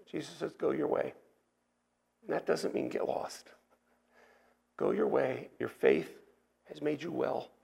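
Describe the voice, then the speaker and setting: Gravelly preacher walking through a passage. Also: male voice, fairly high pitch, measured pace, long pauses, darkish tone. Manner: explanatory, teacherly, with restarts and asides. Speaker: pastor. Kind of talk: expository sermon.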